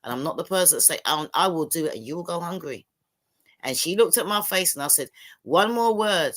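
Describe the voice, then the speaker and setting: On a video call, a single mother takes part in a relaxed panel conversation, animatedly telling stories and acting out what people said. Her voice is deep and she talks quickly.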